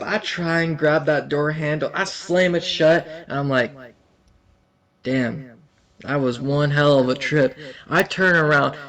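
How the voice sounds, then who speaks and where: A young man telling a rambling, crude story in casual chat, animated and often laughing. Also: on the high side.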